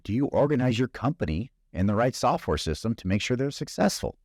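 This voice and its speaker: A man's voice: medium pitch, big pitch swings, fairly quick, darkish tone, dry recording, clean studio sound. A man hosting a podcast, giving a conversational motivational business talk full of stories and rhetorical questions. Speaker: podcast host.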